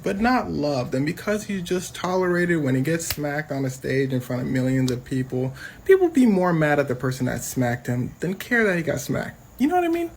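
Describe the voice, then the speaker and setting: A man giving animated storytelling commentary, switching into quoted voices and dropping to whispers. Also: on the high side, gravelly, slight background noise.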